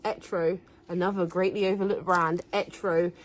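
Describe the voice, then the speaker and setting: A woman's voice: on the low side, little pitch movement, moderate pace, a little hiss or hum, rough recording. A woman chatting casually in a haul video, enthusiastic as she shows her finds indoors at home. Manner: chatty, enthusiastic, showing items. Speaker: reseller vlogger, co-host.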